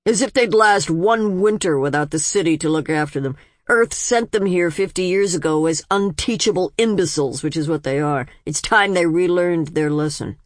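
A woman's voice: lowish voice, normal speed, hardly any pauses, no echo, close to an everyday voice. A woman voicing a stern, dismissive older male city patriarch who speaks in a dry, clipped voice. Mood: cold. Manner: cold, curt pronouncements.

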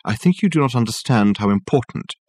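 A man voicing a fussy, self-absorbed man with a silky, over-rounded, soft voice, in a dry recording. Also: mid-range voice, lively intonation, brisk, husky, no echo, voice pushed up. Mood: aggrieved. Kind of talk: audiobook character voice.

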